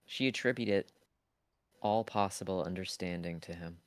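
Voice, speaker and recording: A man's voice: sits low, moderate pace, no room sound. A man streaming live, reading a novel aloud in a casual way, stumbling over words now and then.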